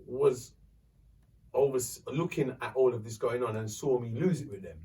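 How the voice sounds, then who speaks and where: A man, hosting a podcast and telling a story in a lively, profane way. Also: mid-range voice, normal speed, recorded from a distance. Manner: animated, swearing, acts out voices in his story. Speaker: podcast host. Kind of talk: casual storytelling.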